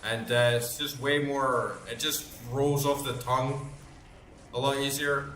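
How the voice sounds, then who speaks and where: A man's voice: medium pitch, little pitch movement, unhurried, a bit bright. Man, thirties, gaming host, casual rambling chat, swears, echoey room, faint hiss. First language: English. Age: 30s. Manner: rambling, swears freely, many fillers. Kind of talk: casual chat while playing. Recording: roomy echo, faint background noise.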